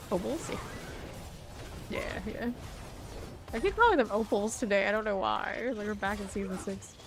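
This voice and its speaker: A woman's voice: medium pitch, a little slow, long pauses, noisy background. A woman streaming a game live, rambling chattily and laughing often as she plays. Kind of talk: live gameplay commentary.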